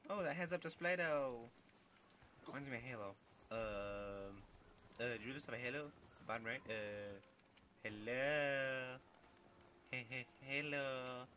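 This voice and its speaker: A man doing let's play commentary, swearing often and reacting excitedly. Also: medium pitch, a little slow, long pauses. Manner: profane, excitable. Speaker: gameplay commentator. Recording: voice over loud game gunfire noise.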